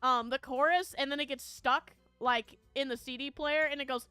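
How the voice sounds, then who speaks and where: A woman's voice: high-pitched, fairly even intonation, normal speed, few pauses, bright, forceful tone, no room sound, faint music behind. A woman streamer chatting casually with her viewers, telling a rambling story full of fillers and frequent laughter. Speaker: VTuber streamer.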